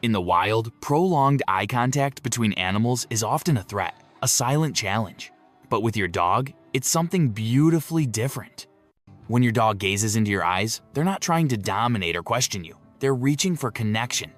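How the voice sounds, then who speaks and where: A man narrates a script in an even, mid-pitched voice. His delivery is slow and emotive, with dramatic pauses between phrases. Faint music plays underneath. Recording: soft music beneath the voice.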